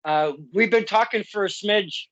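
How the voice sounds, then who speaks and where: A man's voice: sits high, normal speed, a bit bright, dry recording. A man hosting a casual interview podcast, asking hesitant questions full of fillers. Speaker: podcast host. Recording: dull lo-fi podcast audio.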